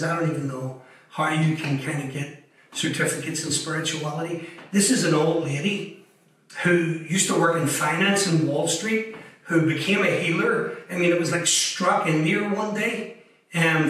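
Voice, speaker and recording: A man's voice: on the high side, fairly bright tone. A man from Northern Ireland with a Belfast accent, frankly telling his life story as a guest, often repeating words as he searches for them. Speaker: guest author. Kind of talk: casual storytelling interview. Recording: very echoey room, a bit distant from the mic.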